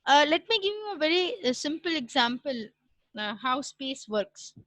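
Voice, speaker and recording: Woman lecturer, high voice, explains patiently with filler pauses. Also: very animated, a bit bright, dry recording, rough recording. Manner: explains step by step with frequent "uh" pauses and "right?" checks. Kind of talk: recorded classroom lecture.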